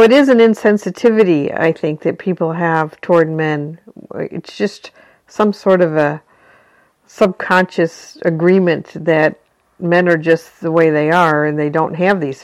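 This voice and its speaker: A woman's voice: deep voice, no echo. A woman hosting an interview, reflective and sympathetic in her response to a guest. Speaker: host. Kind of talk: interview chat.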